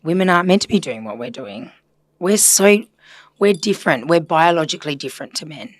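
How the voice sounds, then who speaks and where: A woman's voice: deep voice, expressive, a little fast, no room sound. A woman therapist talking earnestly and reflectively in a casual podcast conversation, chatty with filler words. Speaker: systemic therapist guest.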